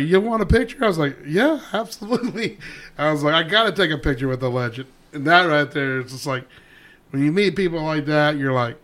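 Coach guy on a podcast, excited story, does the voices. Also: on the high side. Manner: animated storyteller, acts out quotes. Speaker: middle school football coach. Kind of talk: casual chat.

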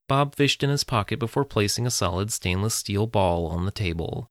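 A man reading a story aloud as narrator, in a steady, even manner. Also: fairly low pitch, moderate pace, few pauses, no room sound, studio quality.

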